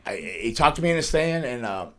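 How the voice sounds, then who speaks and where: A middle-aged man speaks quickly in a studio interview. His pitch sits in the middle. He rambles through stories with many restarts. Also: very animated, a bit bright. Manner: fast, rambling storytelling with frequent restarts and laughs. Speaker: guest, pro wrestler. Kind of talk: casual storytelling interview.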